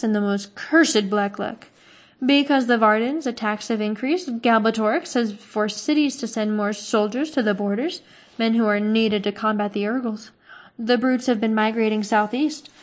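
A woman voicing a cautious male traveling trader in a storybook reading, speaking in a measured, explaining way. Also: on the high side, close to an everyday voice.

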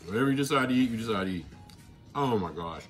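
A man talking casually to his viewers while he eats, chatty and excitable, with mouthfuls and happy murmurs between his sentences. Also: on the low side, quick pace, faint music behind. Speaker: vlogger. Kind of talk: casual eating vlog.

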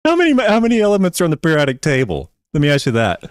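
A man's voice: fairly high pitch, wildly swooping pitch, very fast, clear, resonant tone, no echo, studio quality. A man hosting a lawn care channel, bluntly debunking claims as he reacts to another creator's video.

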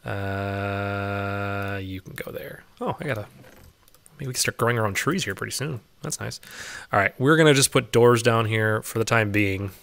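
A man's voice: lowish voice, normal speed, creaky, fairly bright tone, clean tone. A man giving casual gameplay commentary as a let's play host, chatty and often laughing, coaxing game animals in a singsong voice.

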